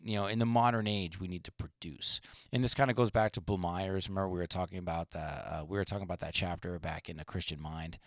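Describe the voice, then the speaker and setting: A man's voice: on the low side, fairly bright tone, dry recording, studio quality. A man co-hosting a podcast, talking in a casual, rambling way with many fillers and restarts. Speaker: podcast co-host. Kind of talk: casual discussion.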